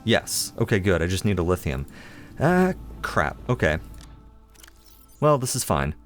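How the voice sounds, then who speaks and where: A man's voice: low voice, huge pitch swings, unhurried, soft background music. A man giving casual commentary while playing a game, chatty and playful, talking to himself and teasing himself as he goes. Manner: self-deprecating, playful. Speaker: let's play host.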